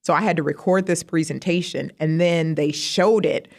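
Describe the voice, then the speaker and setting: A middle-aged woman, a university vice president, telling stories in a casual interview, animated and jumping high in pitch when she quotes herself. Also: normal speed. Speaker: guest, university vice president of student affairs.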